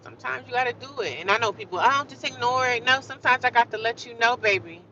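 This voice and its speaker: A woman's voice: a little high, pushed and bright, slight background noise. Fiery woman venting on a lo-fi live stream. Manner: fiery, emphatic, drawn-out repeated phrases. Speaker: livestreamer.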